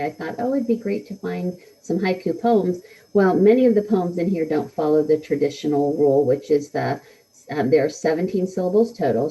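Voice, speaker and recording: Mellow-voiced woman teaching a class. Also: on the low side, poor audio. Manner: encouraging, answers students' comments with many fillers. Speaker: elementary school teacher. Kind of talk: live read-aloud lesson to a class.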